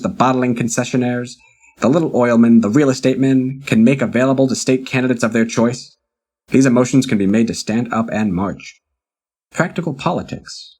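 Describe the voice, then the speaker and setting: Husky-voiced man reading an article. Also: mid-range voice, darkish tone. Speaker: reader of a historical article. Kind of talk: reading a magazine article aloud.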